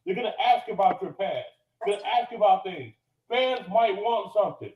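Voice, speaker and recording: A high-pitched man rants in a heated, profane fury. He sits some way back from the mic, so his voice sounds roomy and a bit dull. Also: expressive, normal speed, far from the mic. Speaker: podcast regular. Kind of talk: angry rant. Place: cigar lounge, live on location.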